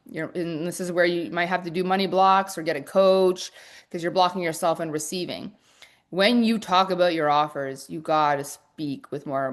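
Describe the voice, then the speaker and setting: A woman business coach teaching on a live stream, talking fast and energetically with frequent restarts. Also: deep voice. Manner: restarts and fillers.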